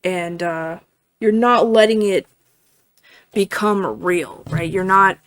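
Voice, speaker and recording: A woman's voice: fairly low pitch, takes it slowly, fairly bright tone, no room sound. A woman giving a casual tarot reading in a chatty way, full of fillers, often checking in with "right?" and swearing now and then. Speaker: tarot reader.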